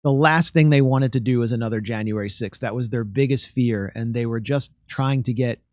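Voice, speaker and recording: A man's voice: mid-range voice, a little mellow, no echo, clean studio sound. A man as guest commentator, talking politics earnestly in a casual chat. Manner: earnest, rapid, with restarts and fillers.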